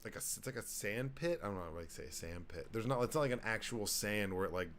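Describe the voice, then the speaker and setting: A man's voice: lowish voice, quick pace, a bit bright, a little hiss or hum. A man co-hosting a podcast in casual chat, easygoing and dry in his jokes. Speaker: podcast co-host.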